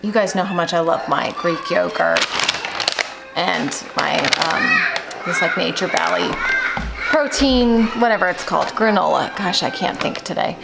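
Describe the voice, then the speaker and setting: A woman's voice: fairly low pitch, a little slow, gravelly, over loud music. A woman hosting a home vlog, talking casually to camera in a chatty, rambling way with lots of fillers. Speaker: vlog host. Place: at home, in and out of doors. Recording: steady hiss under the voice.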